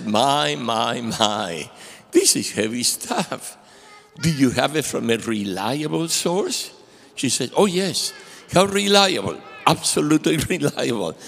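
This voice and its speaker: Animated older man preaching in a hall. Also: a little high, gravelly. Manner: animated storyteller acting out quoted dialogue. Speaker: guest preacher. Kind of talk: sermon with storytelling. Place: church sanctuary. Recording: long hall reverb.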